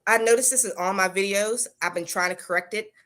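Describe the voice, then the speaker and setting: A woman from Pittsburgh with a Pittsburgh accent, chatting casually on a live stream in an animated way. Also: mid-range voice, quick pace.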